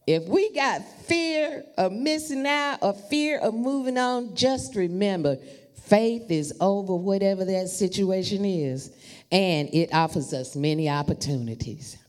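A woman preaching a storytelling sermon, talking to the congregation in an animated, familiar way. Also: medium pitch, a little slow. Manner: animated, addresses the congregation as y'all.

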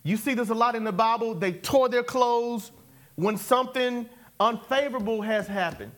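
A man's voice: very high-pitched, normal speed, fairly bright tone. A male preacher giving a sermon, leading call-and-response with the congregation and repeating catchphrases as he exhorts them. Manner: exhorting, repeats catchphrases, chuckles between points.

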